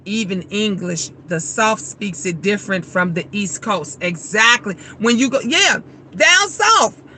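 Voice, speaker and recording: A woman from talks straight to her viewers in a bright, forceful voice, venting bluntly and swearing freely. Her casual livestream chat has faint noise underneath. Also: mid-range voice, unhurried. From Chicago. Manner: blunt, profane, animated venting. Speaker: livestream host.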